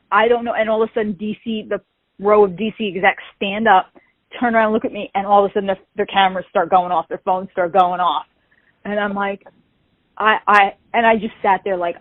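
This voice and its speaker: A woman, telling an animated story as an interview guest and acting out the quoted dialogue. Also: mid-range voice, dry recording. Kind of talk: casual storytelling. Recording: tinny phone-like call audio.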